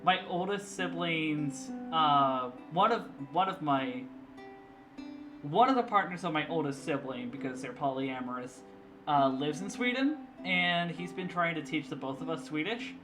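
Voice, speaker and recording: A young man with a fairly high, expressive voice chats casually on a live stream at a measured pace, eager to explain things and laughing often. He's a streamer and artist, and clear background music plays under the recording.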